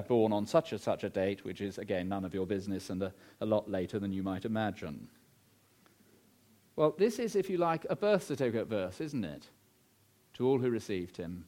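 A middle-aged man preaching a sermon, emphatic, posing rhetorical questions and swinging his pitch widely. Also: darkish tone.

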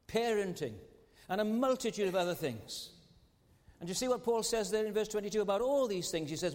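Here the same earnest preacher sounds high-pitched and animated, talking a little fast in a darkish tone. Tag questions punctuate his sermon, which echoes through the big sanctuary with a lengthy hall reverb.

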